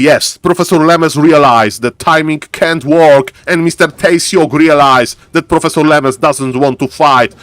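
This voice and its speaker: A man giving excitable live commentary on a strategy game as a streamer, often calling out to the audience. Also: fairly high pitch, no room sound. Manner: excitable, repeats catchphrase "ladies and gentlemen". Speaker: esports caster.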